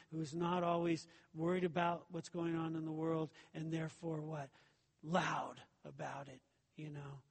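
A man's voice: on the high side, husky, in a large hall. A man preaching a sermon as pastor, talking it through with the congregation and asking rhetorical questions.

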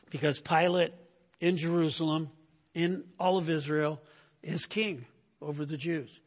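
A man preaching a sermon with a fairly high voice. He talks to the room in an easy, chatty way and tags his points with "right?" He lifts his voice when he acts out the people he quotes. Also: husky. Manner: conversational, keeps asking "right?"; acts out quoted speakers in raised voice. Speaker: pastor.

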